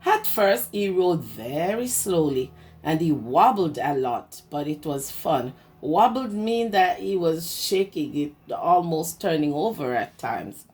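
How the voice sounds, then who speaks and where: A woman preschool teacher reading a picture book aloud to young children in a slow, sing-song storytelling way. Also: sits low, big pitch swings, darkish tone.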